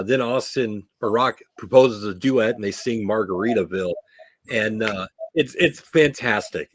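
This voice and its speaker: A man co-hosting a podcast, telling wrestling stories in an animated way and laughing often. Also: mid-range voice, no room sound. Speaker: podcast co-host. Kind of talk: casual wrestling chat.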